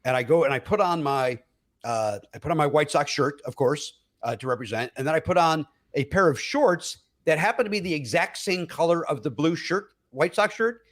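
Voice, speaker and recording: A middle-aged man, a comedian guest, telling stories in an animated way and acting out other people's voices. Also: on the high side, moderate pace. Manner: acts out other people's voices, with many fillers and laughs. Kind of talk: animated comic storytelling.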